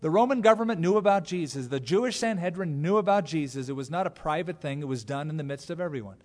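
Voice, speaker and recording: A man preaching a sermon, animated, acting out quotes in other voices as he goes. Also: a little high, quick pace. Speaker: pastor. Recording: long hall reverb.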